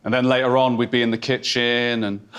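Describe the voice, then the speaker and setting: A man's voice: medium pitch, flat delivery, fairly quick, dull audio, background noise. A man doing stand-up comedy in a theatre, talking in a hesitant, awkward, mock-intimate way with sudden outbursts. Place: theatre stage before a laughing audience. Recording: loud crowd laughter in a theatre. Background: audience laughter.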